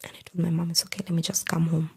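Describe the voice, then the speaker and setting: A woman's voice: fairly low pitch, racing. A young woman telling her own story on a podcast, acting out the lines of the people in it as she goes. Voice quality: very husky, breathy. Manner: animated retelling, acting out quoted lines. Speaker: podcast guest. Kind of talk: personal storytelling.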